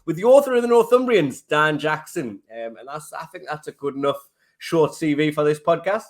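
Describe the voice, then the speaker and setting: A Geordie man who does stand-up chats as a podcast guest, making jokes at his own expense in an easy, rambling way. His voice sits a little higher than most men's. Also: lively intonation, moderate pace. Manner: chatty, self-deprecating humour. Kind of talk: casual podcast chat.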